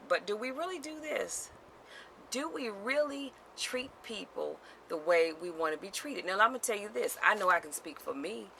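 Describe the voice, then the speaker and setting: Woman vlogger, bright tone, sassy and emphatic, repeats key lines to camera. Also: lowish voice, creaky, a little hiss or hum, rough recording. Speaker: motivational vlogger. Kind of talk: direct-to-camera motivational talk.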